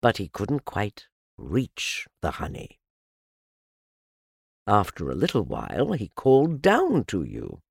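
A man reads a children's story in a slow, deliberate storybook manner, his pitch rising and falling widely. His voice is gravelly and husky, with a slight fry at the ends of phrases. The sound is close and dry. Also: huge pitch swings, no echo. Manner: slow, deliberate, softly lilting. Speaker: narrator. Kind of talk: storybook reading.

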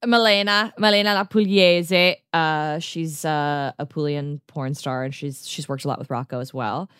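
A woman's voice: deep voice, flat delivery, normal speed, clean tone, no echo, clean studio sound. Enthusiastic rambling woman podcaster. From United States. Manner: enthusiastic, rambling storyteller, many "like" fillers, acts out quotes. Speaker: podcast co-host. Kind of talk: casual podcast chat.

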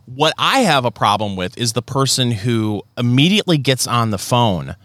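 A man with a bright, expressive voice banters on a podcast. His humor is wry and teasing, and his pitch moves around a lot. The recording is close and dry. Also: normal speed, no echo. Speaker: podcast co-host. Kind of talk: casual banter.

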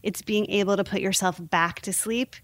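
A woman's voice: medium pitch, steady tone, moderate pace, no echo. A woman explaining infant sleep habits in a casual chat, often acting out little voices for babies and parents. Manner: warm explanatory, acts out baby and parent voices. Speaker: sleep consultant guest.

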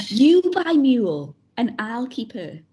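A woman's voice: on the high side, big pitch swings, very slow, a little mellow, a little hiss or hum. A woman co-hosting a casual podcast chat over a call, telling stories with giggles and acted-out quotes. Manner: chatty, giggly, acts out voices in quotes. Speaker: podcast co-host. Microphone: remote call.

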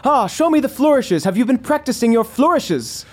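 Man acting out a flamboyant elven ghost father, booming, theatrical, high-pitched. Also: big pitch swings, moderate pace, exaggerated voice. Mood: jovial.

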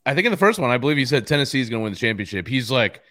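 Co-host, mid-pitch male, dry close sound, easygoing and amused. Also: very animated, very fast, bright, forceful tone, no room sound. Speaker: podcast co-host. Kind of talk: casual chat.

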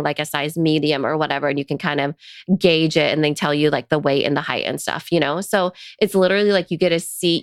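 A woman co-host talking business in a relaxed, chatty way, tossing in quick asides. Her voice sits lowish and sounds smooth and clear. The sound is dry and close, with no room around it. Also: dry recording. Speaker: podcast co-host. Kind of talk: casual business chat.

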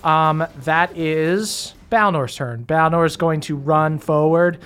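A man narrating a tabletop game as game master, relaxed, often laughing, with frequent ums. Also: on the high side, slow.

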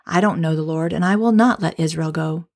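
Woman reading haughty scornful king, dismissive, low, mellow. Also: a little fast, gravelly. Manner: dismissive, scolding.

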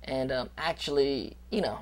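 A man's voice: medium pitch, moderate pace. A man talking as an actor guest in a casual interview, easygoing and telling stories. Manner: easygoing, storytelling.

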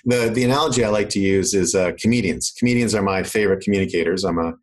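On a rough recording, a man with a voice on the low side talks rapid-fire about marketing in an informal chat. He's from Canada, his accent mostly faded, and he animatedly acts out the voices he quotes.

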